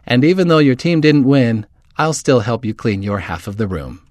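A man reading as a teasing softball girl. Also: mid-range voice, big pitch swings, moderate pace, no echo, lightly acted. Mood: warm. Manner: playful, teasing. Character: teasing, good-humored girl softball player.

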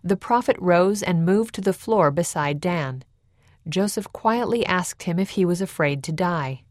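A woman reads a historical narration in a measured, even storytelling manner. Her voice sits somewhat low, and the studio recording is close and dry, with no room echo.

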